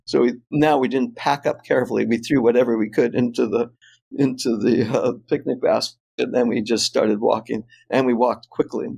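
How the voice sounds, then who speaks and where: An older man, a guest on an interview show, tells a personal anecdote in an animated way and laughs often as he goes. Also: medium pitch, vocal fry. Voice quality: animated, laughs often while telling stories. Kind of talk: anecdotal storytelling.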